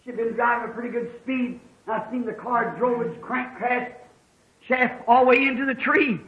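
Man preaching, high tenor voice, fervent, muffled old recording. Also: moderate pace. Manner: fervent, rising to shouts in stories. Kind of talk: sermon. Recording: dull lo-fi old tape.

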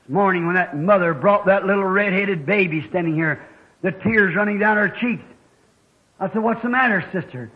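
A man preaching a fervent sermon, rising to shouts as he tells stories. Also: sits high, moderate pace. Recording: dull lo-fi old tape.

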